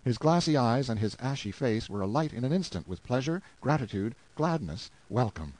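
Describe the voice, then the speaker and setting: A man reading a novel aloud in a measured, solemn way. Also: medium pitch, sing-song, a little mellow, no room sound, low-quality recording. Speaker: audiobook reader. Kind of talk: scripted novel narration.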